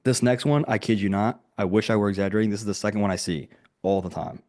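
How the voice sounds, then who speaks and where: A man with a fairly low pitch and a slightly mellow tone talks fast while coaching a group on video. His style is easygoing and chatty, with frequent "like" and acted-out quoted lines.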